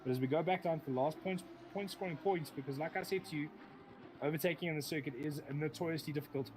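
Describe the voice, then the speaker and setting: A man's voice: a little high, fast talker, noisy background. A man giving live sim racing commentary, rambling, often correcting himself and joking as he goes.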